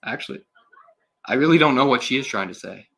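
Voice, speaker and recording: A man's voice: mid-range voice, lively intonation, fairly quick, vocal fry, fairly bright tone. A young man giving casual, sarcastic live commentary on a film, exasperated and swearing at times. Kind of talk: solo live movie commentary.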